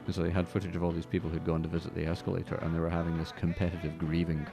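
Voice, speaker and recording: A man's voice: low voice, monotone, rapid-fire, creaky, mellow, faint music behind. An Australian man co-hosting a casual film podcast, reading news items with wry asides. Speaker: podcast co-host.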